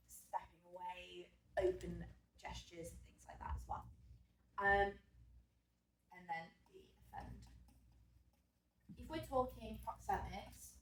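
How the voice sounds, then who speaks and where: A woman's voice: medium pitch, slight background noise. A woman, a drama teacher, talking through a revision lesson in a chatty way, thinking aloud and correcting herself as she goes. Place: room at school. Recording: roomy echo, mic at a distance.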